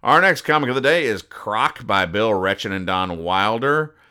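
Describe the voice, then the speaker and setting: A man hosting a podcast, recapping comic strips in a casual, deadpan way and explaining each joke. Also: lowish voice, moderate pace, clean tone. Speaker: podcast host.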